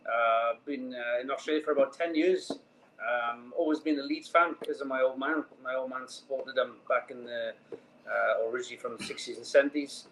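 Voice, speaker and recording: Welsh male guest, easygoing and laughing, mid-pitched voice with faint hiss behind. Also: a little fast, low-quality recording. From Wales. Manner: relaxed, laughs easily, hesitant starts. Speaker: podcast guest. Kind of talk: casual podcast chat.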